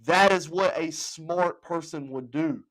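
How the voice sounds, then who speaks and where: A man's voice: a little high, takes it slowly, fairly bright tone, low-quality recording. Male host delivering a heated, swearing rant from home. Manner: angry, profane, heavy emphasis. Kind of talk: ranting commentary. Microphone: home setup.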